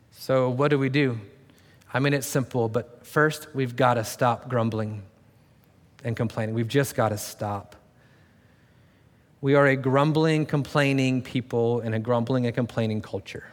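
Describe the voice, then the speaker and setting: Man preaching a casual sermon in a reverberant hall. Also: medium pitch. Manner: conversational and self-deprecating, with sarcastic asides. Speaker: pastor. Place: church sanctuary. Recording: long reverb of a large room.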